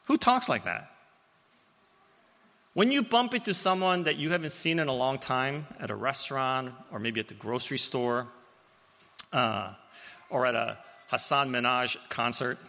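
A man preaching a sermon, telling stories with playful asides and swinging between loud and hushed. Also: medium pitch, a little slow, gravelly, pauses often, big-room sound. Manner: storytelling, animated, with playful asides.

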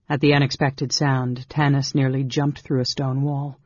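A man narrating a fantasy audiobook in a measured, steady storytelling manner. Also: medium pitch, dry recording. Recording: dull lo-fi audiobook recording.

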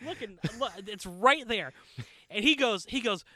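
A man with a high, bright voice tells backstage stories in loose podcast chat. He swears freely and acts out the people he quotes. The sound is close and dry. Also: measured pace, no room sound. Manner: animated, profane, acts out quotes in other voices. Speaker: podcast guest; wrestler. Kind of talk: casual storytelling chat.

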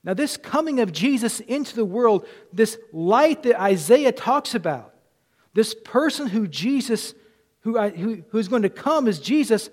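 Man, Southern accent, pastor, sermon, high voice, rises loud then drops quiet. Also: animated, a little slow. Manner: preaching with swings from loud to hushed.

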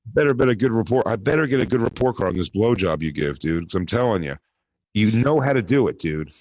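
A man's voice: lowish voice, animated, darkish tone, no echo. A man co-hosting a podcast, joking in brash, profane casual banter. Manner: brash, profane, quick jabs. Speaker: podcast co-host.

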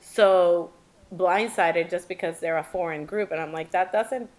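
A woman's voice: fairly low pitch, unhurried. A woman co-hosting a casual group chat, who laughs often and quotes people in put-on voices. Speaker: podcast co-host.

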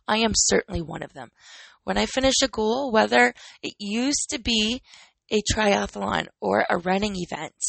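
Woman in her 30s, podcast host and trainer; candid chatty monologue with rhetorical questions, slightly husky. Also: on the high side, no echo, low-quality recording. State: recovering from illness.

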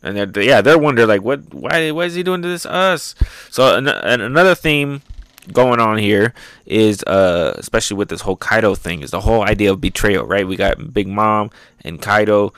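A man chats through a manga recap, loose and profane, with frequent fillers and laughs. His voice is fairly low and smooth. The recording is dry and close. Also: a little fast, a bit bright, no echo. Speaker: manga reviewer, show host. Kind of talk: casual manga recap and commentary.

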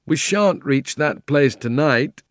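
Man voicing a slow, easygoing talking horse. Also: fairly high pitch, lively intonation, dry recording, studio quality, pitched above the performer's own voice. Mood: placid. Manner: slow, chewing, mouth-full speech. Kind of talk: audiobook character voice.

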